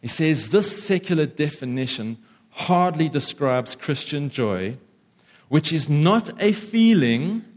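Male pastor, slightly high voice, emphatic sermon delivery, acts out listeners' voices. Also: lively intonation, takes it slowly.

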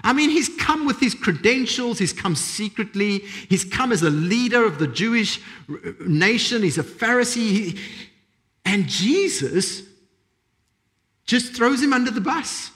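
A male pastor delivers a sermon, emphatic and repetitive, with dramatic pauses between phrases. His voice is high. His pitch swings widely as he drives each point home. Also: lively intonation, fairly bright tone.

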